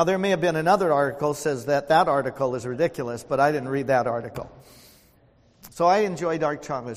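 Older man, pastor, folksy storytelling sermon, mid-pitched voice, long church reverb. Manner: folksy storytelling, calls for amens. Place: church sanctuary.

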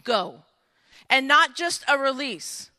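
A woman preaching an animated sermon, acting out scenes and talking straight to her audience. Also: high voice, measured pace. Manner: dramatic, acts out scenes, addresses audience directly. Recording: echoey hall.

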